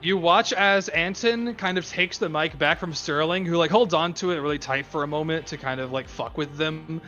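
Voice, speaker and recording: A man's voice: fairly high pitch, normal speed, sharp tone, lo-fi sound. A man running a tabletop role-playing game as game master, narrating casually with many fillers. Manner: loose, filler-heavy storytelling.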